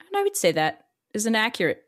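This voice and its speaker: A woman in her forties co-hosting a casual chat podcast, telling stories in an animated way with frequent laughter. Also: mid-range voice, fast. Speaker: podcast co-host.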